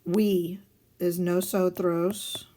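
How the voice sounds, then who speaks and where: A woman with a fairly low, dark voice draws out her words in a level tone, with a little hiss or hum audible. She is a Spanish teacher explaining guided notes step by step in a recorded video lesson, raising and answering her own questions.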